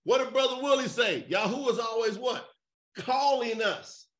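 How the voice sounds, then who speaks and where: A man preaching fiery call-and-response over a video call, emphatic and shouting, firing rhetorical questions at his listeners. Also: very high-pitched, normal speed. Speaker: preacher leading an online gathering.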